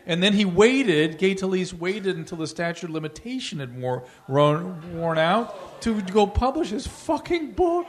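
A man's voice: on the high side, animated, moderate pace. A man hosting a live podcast in front of an audience, speaking earnestly with emphasis and authority. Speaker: podcast host. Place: live venue before an audience.

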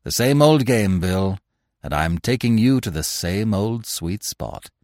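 A calm, gently mocking detective, as a male narrator plays him, drawls his words slowly and softly. His voice sits low in a dry, close sound. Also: no room sound. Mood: sly.

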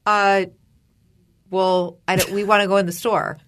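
A woman's voice: medium pitch, level tone, a little slow, fairly bright tone, smooth. A middle-aged woman co-hosting a casual chat show, telling a story animatedly, acting out quotes and swearing freely. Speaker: podcast co-host.

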